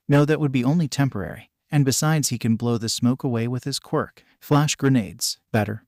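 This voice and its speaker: Male narrator, mid-pitched, even storytelling read, dry close recording. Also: no echo. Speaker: fan fiction reader. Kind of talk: narrating a fan fiction story.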